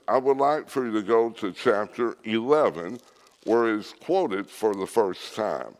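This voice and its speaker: A preacher delivers an earnest, emphatic sermon that includes scripture readings, his pitch lively and rising and falling. He speaks slowly and deliberately, stressing his points, while the long reverb of a church hall rings around his voice.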